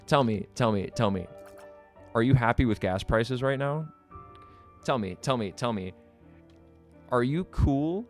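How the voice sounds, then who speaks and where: A male streamer at medium pitch reads his chat aloud and fires back combatively and sarcastically. He swears freely and laughs at his own jokes.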